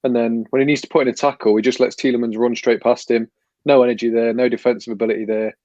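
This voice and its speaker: A man on a football fan panel vents in a rambling, frustrated way, restarting his sentences. His voice is mellow and dark. The sound is dull and lo-fi, and dry. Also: mid-range voice, level tone, fast talker, no echo. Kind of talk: casual fan panel chat.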